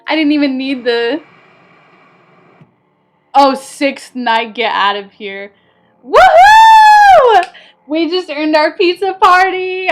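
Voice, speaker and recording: A young woman streaming a game at home, chatting casually and excitably with her viewers, breaking into squeals of joy. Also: high-pitched. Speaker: gaming streamer. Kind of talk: casual live-stream chat. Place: home, moving to kitchen.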